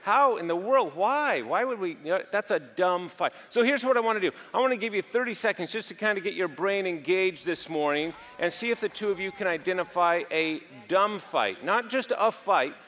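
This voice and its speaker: Guy presenting to a room, kinda high voice, jokes around and acts out the back-and-forth. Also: animated, fairly quick, few pauses, a bit bright. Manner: jokey, conversational, acts out dialogue. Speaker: marriage seminar presenter. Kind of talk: speaking to a live audience.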